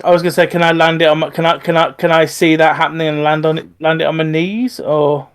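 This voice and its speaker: A man's voice: a little high, flat delivery, fast, smooth. A man playing a tabletop wrestling game, stammering eagerly as he describes his moves. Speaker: player. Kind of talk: casual tabletop play.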